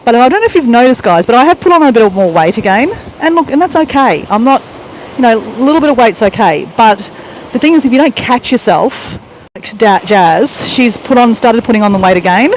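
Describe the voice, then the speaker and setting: A woman's voice: fairly high pitch, expressive, fairly quick. A woman with an Australian accent chatting casually to a live-stream audience as she walks along a beach. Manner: chatty, talking while walking on a beach. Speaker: vlogger. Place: beach at high tide, outdoors. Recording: noisy outdoor phone audio. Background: wind and surf.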